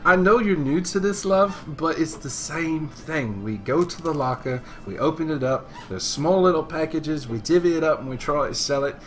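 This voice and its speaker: A man's voice: a little high, moderate pace, hardly any pauses, close to an everyday voice. A man playing a laid-back London weed dealer who calls everyone love. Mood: explaining.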